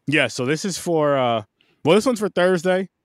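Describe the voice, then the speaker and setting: A man's voice: fairly high pitch, animated, normal speed, dry recording, clean studio sound. A man co-hosting a casual movie podcast, giving scores and opinions in a loose, swearing manner. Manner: laid-back, talks through opinions with fillers and swearing. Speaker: podcast co-host. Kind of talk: casual movie review chat.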